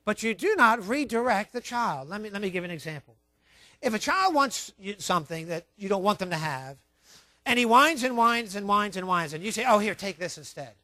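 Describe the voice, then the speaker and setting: A man preaching a sermon, emphatic and repetitive, telling his listeners to write points down, swinging between quiet asides and loud stressed words. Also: sits high, animated, a little fast, no room sound. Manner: emphatic, repeats key points, tells listeners to write things down. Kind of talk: sermon on child training.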